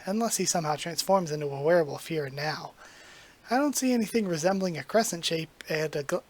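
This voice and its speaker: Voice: mid-range voice, natural voice. A reader voicing a young witch woman with an anxious, rambling inner monologue, as in a manga read aloud. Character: flustered young witch woman who is secretly a cat.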